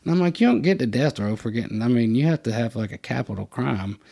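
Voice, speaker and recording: Male podcast host, conversational and animated, mid-range voice. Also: fast, creaky. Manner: animated storyteller, acts out quotes in a higher voice. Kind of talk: casual storytelling chat.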